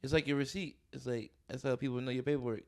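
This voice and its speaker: A young man co-hosting a comedy talk show, joking around casually, laughing often and slipping into quick voices. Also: medium pitch, clean tone. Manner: laughing, animated storyteller doing quick voices. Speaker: comedian co-host.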